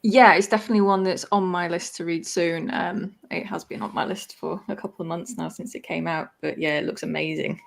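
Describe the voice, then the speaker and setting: A woman with a lowish, gravelly voice chats as a guest on a casual stream. She recommends books with enthusiasm and laughs after them. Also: steady tone, a little fast, few pauses. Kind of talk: casual chat.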